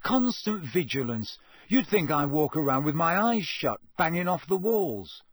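A man's voice: a little high, big pitch swings, a little slow, dry recording, clean studio sound, voice pushed up. A man voicing an earnest teenage schoolboy in a storybook reading, plain and mildly exasperated.

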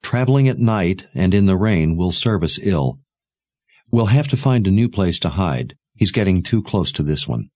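A man's voice: deep voice, expressive, normal speed, no room sound. Man reading a weary, loving mother. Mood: resolute. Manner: soft, tender.

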